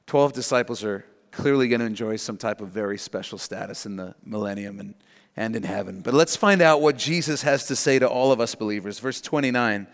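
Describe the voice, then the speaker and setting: Brief: male pastor, mid pitch, earnest sermon delivery, long reverb of a church hall. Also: a little fast. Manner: earnest, emphatic, repeats key lines.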